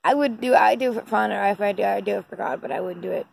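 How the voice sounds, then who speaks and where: Gravelly-voiced woman chatting casually. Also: mid-range voice, fast, poor audio. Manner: rambling, giggly, many fillers. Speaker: vlogger. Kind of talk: casual nighttime Q&A chat. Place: indoors at night. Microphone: phone.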